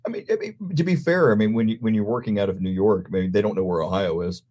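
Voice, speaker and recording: A man's voice: fairly low pitch, expressive, fast, darkish tone. A middle-aged man chatting casually as a podcast guest, rambling through stories and laughing easily. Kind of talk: casual chat.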